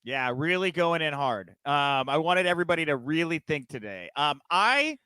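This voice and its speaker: A man's voice: a little high, sing-song, normal speed, pushed and bright, smooth, no room sound. A man hosting a wrestling news podcast, chatting casually and giggling at his own rambling jokes. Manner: giggly, rambling, self-mocking. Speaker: podcast host.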